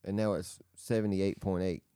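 A man's voice: low voice, level tone, moderate pace, a crowd in the background. A man speaking in a matter-of-fact, understated way in a casual chat.

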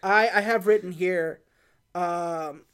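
A woman's voice: fairly low pitch, takes it slowly, clear, resonant tone. Woman casually retelling a movie. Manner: retells scenes step by step, acting out characters' lines. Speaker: podcast co-host. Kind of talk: casual movie recap chat.

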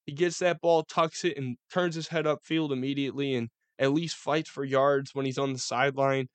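A young man with a Western New York accent giving casual, profane sports commentary as a podcast host, rambling and excitable. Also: medium pitch, moderate pace, smooth, no echo.

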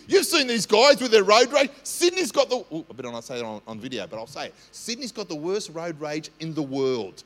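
High-voiced Australian pastor preaching. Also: male voice, a little fast, few pauses. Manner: lively storytelling, conversational with frequent "right?". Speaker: senior pastor. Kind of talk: sermon. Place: church. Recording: long church hall reverb.

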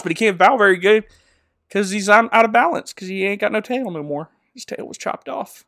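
A man's voice: high-pitched, fairly quick, creaky, fairly bright tone, dry recording, studio quality. A man giving a jokey, slangy recap of a movie plot, laughing often. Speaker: podcast host.

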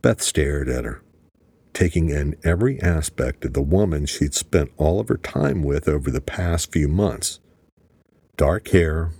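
A man narrating an audiobook in a steady, measured storytelling voice. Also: extremely low pitch, breathy edge, no room sound. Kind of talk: scripted narration.

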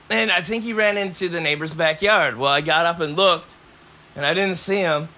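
Podcast host with a fairly high voice, telling loose, rambling stories. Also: male voice, normal speed. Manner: rambling, animated, coughs between lines. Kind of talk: casual storytelling.

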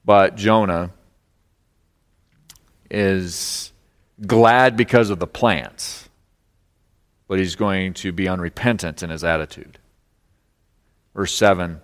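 Pastor preaching in a reverberant hall. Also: male voice, low voice, takes it slowly, long pauses. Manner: expressive preaching, acts out voices of God and Jonah. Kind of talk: sermon.

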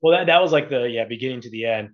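A man who is a podcast guest, talking sports in a relaxed, joking way. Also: mid-range voice, racing, dull audio. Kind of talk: casual sports chat.

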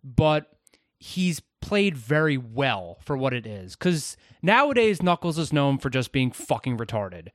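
A man's voice: medium pitch, very animated, measured pace, no echo, studio quality. A man co-hosting a casual podcast chat, explaining game lore with lots of "actually" and "I'm just saying". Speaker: podcast co-host.

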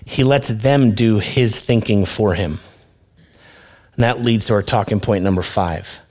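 A man's voice: lowish voice, unhurried, a little mellow. A male pastor preaching a sermon in an earnest, conversational way, speaking directly to his listeners.

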